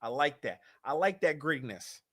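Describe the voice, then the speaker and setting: A young man hosting a sports fan livestream, animated and hyped, talking straight to his chat. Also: a little high, normal speed, dry recording, clean studio sound. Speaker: fan show host.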